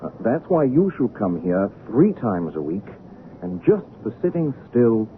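A man's voice: fairly low pitch, sing-song, measured pace, a little hiss or hum. Dick, a man playing a brusque commanding artist. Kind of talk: old radio drama acting. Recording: tinny lo-fi old radio recording.

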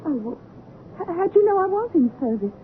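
A woman's voice: very high voice, big pitch swings, fairly quick, a little hiss or hum. A woman playing a timid street girl. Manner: timid, hesitant. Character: timid, poor young Cockney street girl. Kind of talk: old radio drama acting. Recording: tinny lo-fi old radio recording.

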